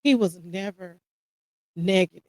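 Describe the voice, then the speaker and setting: A woman's voice: on the low side, measured pace, dry recording, low-quality recording. An American woman hosting a podcast, speaking casually and emotionally while holding back tears as she reflects on a personal story. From United States. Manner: casual, addresses listeners as y'all. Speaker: podcast host.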